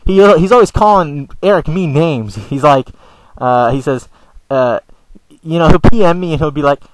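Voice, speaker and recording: A man's voice: on the high side, expressive, normal speed, low-quality recording. A man ranting in a video blog, stammering and repeating words, swearing often, with an aggrieved, whiny tone. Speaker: video blogger. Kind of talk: ranting vlog monologue.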